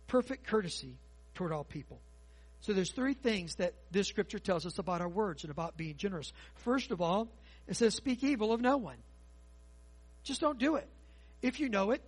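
Husky, high-voiced preacher man. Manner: folksy, animated preaching with quick asides. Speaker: pastor. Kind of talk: sermon. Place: church sanctuary.

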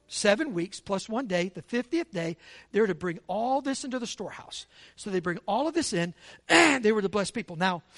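A man's voice: high voice, a bit bright. A man preaching a sermon in a conversational way, often checking in with the congregation and speeding through asides. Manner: conversational, asks the congregation for agreement with repeated "right?". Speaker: pastor.

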